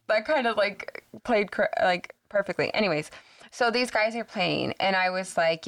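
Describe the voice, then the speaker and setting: A woman's voice: medium pitch, lively intonation, moderate pace, fairly bright tone, dry recording. A woman from San Antonio, Texas, co-hosting a podcast and telling a spooky story in a rambling way, with lots of fillers and swearing. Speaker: podcast co-host. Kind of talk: casual chat, ghost story telling.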